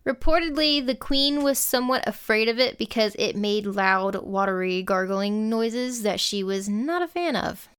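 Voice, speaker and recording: Smooth-voiced woman reading history facts. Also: medium pitch, lively intonation, moderate pace, few pauses, fairly bright tone. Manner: reads prepared facts, then jokes dryly. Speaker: podcast co-host. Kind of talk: casual history podcast chat.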